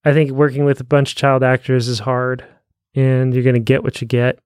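A man with a middle-pitched, smooth, clear voice talks through his views in an easygoing way, with pauses and restarts. The recording is dry and close. It sounds like a laid-back podcast chat. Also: flat delivery, a little mellow, dry recording. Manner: easygoing, hesitant, rambling. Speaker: podcast co-host. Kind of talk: casual film discussion.

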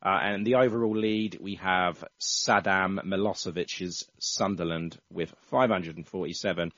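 A man's voice: low-pitched, fairly even intonation, measured pace, a bit bright, no echo. Chatty male podcast host, stumbling restarts, muffled dry recording. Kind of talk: casual football podcast chat. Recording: dull, dry, lo-fi sound.

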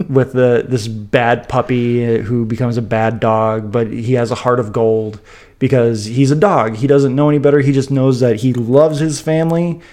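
A man's voice: mid-range voice, moderate pace. Chatty podcast co-host man. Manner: animated, stammering restarts, playful. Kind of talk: casual chat.

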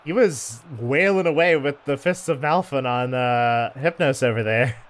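A man's voice: mid-range voice, normal speed. A man running a tabletop game as dungeon master, narrating with casual filler words and slipping into character voices. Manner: relaxed storyteller with filler words.

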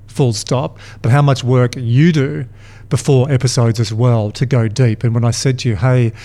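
A man hosting a podcast, talking in an upbeat, chatty and energetic way. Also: medium pitch. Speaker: podcast host. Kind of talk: podcast conversation. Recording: faint music behind.

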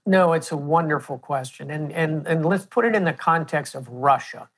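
Give me a man answering interview questions with measured, story-like historical explanations. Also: on the high side, a bit bright. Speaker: guest, political historian.

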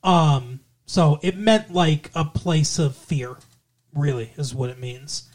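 This podcast co-host speaks slowly in a mid-range voice while dissecting a horror film. The talk is loose and profane, wandering with frequent fillers and false starts.

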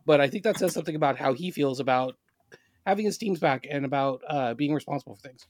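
A man co-hosting a podcast, chatting casually about sports as an animated storyteller with quick asides. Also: on the high side, no room sound. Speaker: podcast co-host.

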